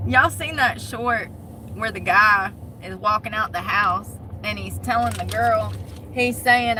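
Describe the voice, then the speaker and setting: A woman's voice: on the high side, slow pace, sharp tone, a little hiss or hum. A woman live-streaming from her parked truck on her phone. She chats casually with her viewers, laughs often and greets them by name.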